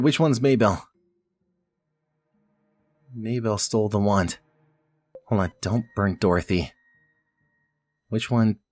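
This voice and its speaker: Low-voiced, swearing gamer man. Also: darkish tone, no room sound. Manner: reads story text aloud, breaks off with swearing and muttering to himself. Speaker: let's play gamer. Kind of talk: casual game commentary and reading aloud.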